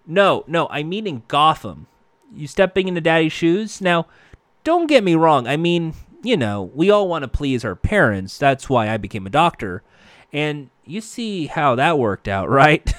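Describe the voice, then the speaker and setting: Man voicing a scheming doctor villain, soft, coaxing, dry sound. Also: on the high side, very animated, unhurried, dry recording. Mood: smooth, coaxing. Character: manipulative soft-spoken male doctor villain.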